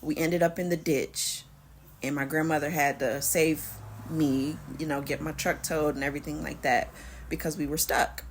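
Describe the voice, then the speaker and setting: A woman's voice: sits low, steady tone, moderate pace, slight background noise. A young woman, candidly telling a personal story in a vlog, quoting dialogue and swearing freely. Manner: candid, profane retelling with quoted dialogue. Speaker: vlogger.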